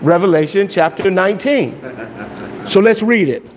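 A man preaching a sermon, excited and emphatic, often asking his listeners questions. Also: high voice, normal speed. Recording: long echo of a hall, faint noise.

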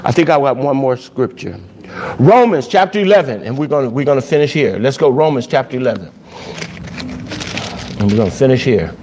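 A man preaching a sermon as pastor, animated and acting out little scenes with voices and laughter. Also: medium pitch, brisk.

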